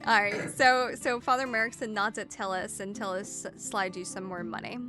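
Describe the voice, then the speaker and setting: A woman narrating as dungeon master of a tabletop game in a casual, lively way with many fillers. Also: mid-range voice, moderate pace, music in the background.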